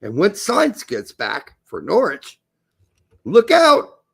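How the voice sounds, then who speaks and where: A man's voice: high voice, wildly swooping pitch, slow, creaky, husky. A man co-hosting a casual soccer podcast, blunt and crude, talking emphatically. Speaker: podcast co-host.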